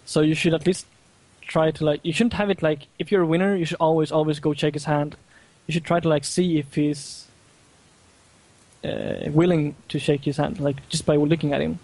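A man guest on a gaming podcast, talking haltingly with many fillers. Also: a little high, level tone, darkish tone, no room sound, low-quality recording. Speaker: guest player. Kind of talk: podcast discussion.

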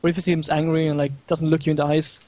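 Halting, filler-heavy man, flat voice. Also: a little high, dry recording, poor audio. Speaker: guest player. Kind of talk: podcast discussion.

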